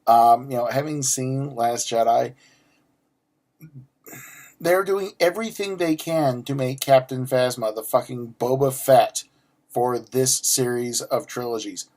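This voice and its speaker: A man's voice: medium pitch, unhurried, darkish tone. A man in his forties unboxing a geek subscription box, ranting and swearing freely with many restarts and stammers. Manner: ranty, profane, sarcastic, frequent restarts. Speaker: unboxing vlogger. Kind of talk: casual unboxing chat.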